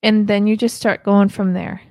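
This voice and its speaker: A woman in her thirties co-hosts a casual podcast chat, earnest and rambling, quick to laugh. Her voice sits at an everyday middle pitch. The sound is close and dry, with no room around it. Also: flat delivery, darkish tone, no room sound. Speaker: podcast co-host.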